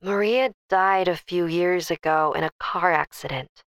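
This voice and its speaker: A woman's voice: lowish voice, clear, resonant tone, dry recording. A woman voicing an anxious, grieving older mother who speaks hesitantly in a horror story. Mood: uneasy. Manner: hesitant, halting.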